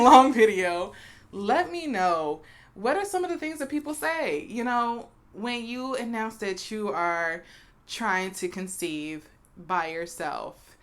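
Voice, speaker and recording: Now and then coughing, a young adult woman talks frankly to her viewers in a direct-to-camera vlog, offering blunt opinions and calling them "y'all." She has a mid-range voice with a fairly bright tone.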